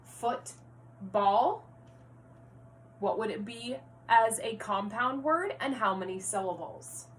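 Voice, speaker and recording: A woman teaching a first-grade reading lesson to young children at home, speaking clearly and encouragingly and spelling words out letter by letter. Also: on the high side, normal speed, hardly any pauses, fairly bright tone. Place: home, near her rocking chair. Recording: distant mic with faint hum.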